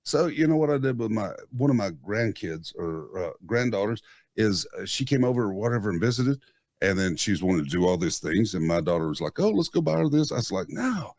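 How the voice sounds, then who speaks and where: A man in his fifties sitting in as co-host, chatting in a relaxed, joking way with frequent chuckles. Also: lowish voice, brisk, no room sound, clean studio sound. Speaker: guest co-host. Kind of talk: casual chat.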